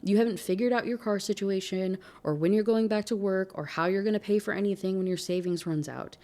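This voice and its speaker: A woman's voice: mid-range voice, a little fast, dark tone, close to an everyday voice. A woman reading aloud as a hurt young woman confronting her fiancé, in a pleading tone.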